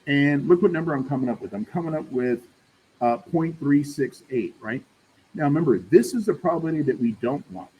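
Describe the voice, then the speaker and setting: A man's voice: a little high, lively intonation, a little fast, darkish tone, muffled recording, a little hiss or hum. A man teaching a math class in a casual, chatty way, often checking in with the room. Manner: casual, addresses class as y'all, checks in with "right?". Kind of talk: classroom lecture.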